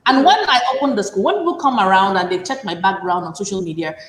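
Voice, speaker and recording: A woman from Nigeria, hosting an online panel and asking pointed, animated questions. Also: medium pitch, fast, echoey room. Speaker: host.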